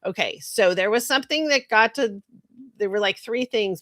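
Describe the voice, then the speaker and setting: A woman's voice: a little high, moderate pace, fairly bright tone, no room sound, clean studio sound. A middle-aged woman in a marketing role, talking casually and candidly with lots of asides. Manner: chatty and candid, with frequent asides and laughs. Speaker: marketing consultant. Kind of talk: casual monologue.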